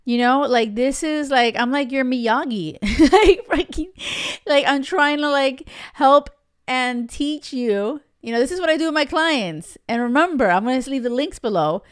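A woman's voice: a little high, smooth, dry recording, clean studio sound. A woman dating coach talking straight to listeners in a podcast monologue, giving tough-love advice with casual swearing.

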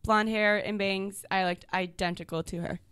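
A woman's voice: medium pitch, fairly even intonation, normal speed, fairly bright tone, smooth, no room sound. A young adult woman chatting candidly as a podcast guest, giggling as she tells stories. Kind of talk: casual chat.

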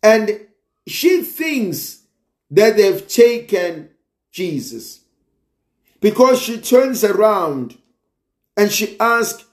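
A man preaching a sermon as a priest, slow and deliberate, with emphatic rises on key words. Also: high voice, very animated, reverberant.

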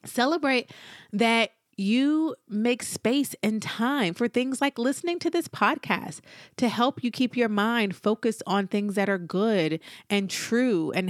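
A woman hosting a solo motivational podcast, talking in an encouraging way and slowing down to stress her points. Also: medium pitch, expressive, no room sound, clean studio sound. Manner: encouraging, slows down for emphasis. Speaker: podcast host.

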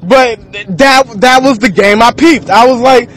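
A man's voice: very high-pitched, a little slow, a bit bright, low-quality recording. A man from Texas, rambling through a profane freestyle rant to camera and laughing between thoughts.

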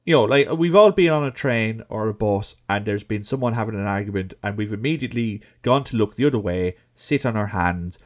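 A man on a football podcast, talking emphatically and acting out what people should say. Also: lowish voice. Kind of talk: casual football podcast chat.

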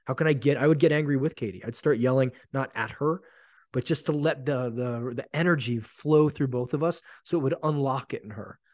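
A man's voice: mid-range voice, moderate pace, darkish tone, dry recording. Blunt, profane man on a dry mic. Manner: blunt, profane, emphatic storytelling. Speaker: podcast host. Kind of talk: solo podcast monologue.

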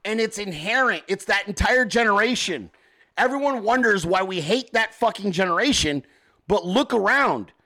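A man's voice: high-pitched, animated, moderate pace, bright, forceful tone. A man hosting a podcast, ranting in a profane, crude and exasperated way, often slipping into mocking impressions of other people. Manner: acts out mocking voices of others. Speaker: podcast host. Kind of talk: profane comedic rant.

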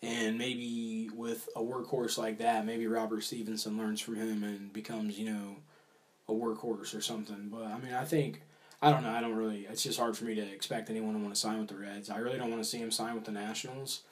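A man's voice: on the low side, flat delivery, fairly quick. A man co-hosting a casual sports talk show, rambling and hedging with fillers while he weighs baseball moves. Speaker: podcast co-host.

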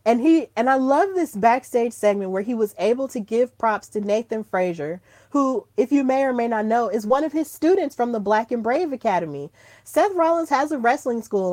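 A woman hosting her own podcast in casual solo chat, gushing and excitable, breaking into squeals when thrilled. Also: fairly high pitch, no room sound. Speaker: podcast host.

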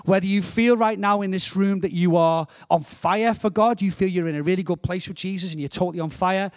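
A middle-aged Englishman speaks as a guest preacher in a church, earnest and fervent, often repeating words as he builds toward a point. His sermon moves fairly quickly, and his voice is a little higher than most men's.

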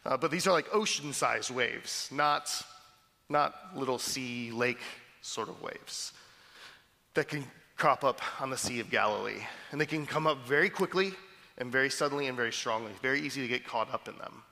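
A man preaching a sermon in a conversational, animated way, often restarting his words. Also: medium pitch, normal speed, gravelly. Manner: conversational, animated, with frequent repeated starts. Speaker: pastor. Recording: reverberant hall.

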